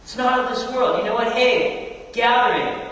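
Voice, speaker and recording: A man's voice: very high-pitched, fairly even intonation, normal speed, a bit bright. A man pastor preaching a sermon, talking straight to the congregation and asking them questions. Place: church hall. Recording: echoey hall, distant mic.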